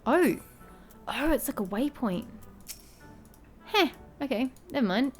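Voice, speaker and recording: A woman's voice: sits high, animated, slow, pauses often, faint music behind. A woman giving casual gaming commentary, chatty and swearing freely as she reads game text aloud. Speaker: gamer.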